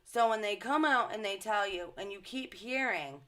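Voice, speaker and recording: A woman's voice: medium pitch, normal speed, fairly bright tone. A woman giving an indignant, emphatic commentary to her followers, swearing freely. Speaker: social media commentator. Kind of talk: casual ranting commentary.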